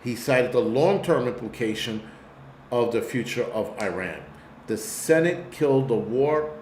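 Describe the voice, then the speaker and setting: This man has a mid-range, somewhat dark voice, animated but a little slow, recorded with reverb and slight background noise. Hosting a live-stream commentary in a New York accent, he rambles through a blunt, profane rant.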